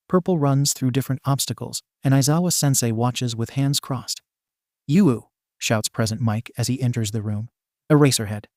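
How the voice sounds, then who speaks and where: A man's voice: medium pitch, darkish tone, dry recording. Man reading a story, dry close sound. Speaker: narrator. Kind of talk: reading a fan fiction story aloud.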